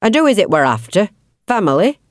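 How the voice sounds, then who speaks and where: A woman voicing a creepy middle-aged male investigator with a blunt, gruff Yorkshire accent. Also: mid-range voice, big pitch swings, brisk, no echo, studio quality, pitched above the performer's own voice, natural voice. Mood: blunt, menacing.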